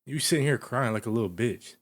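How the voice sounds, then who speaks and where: A man hosting a reaction video, commenting loudly and profanely and scolding the person on screen. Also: mid-range voice, animated, quick pace.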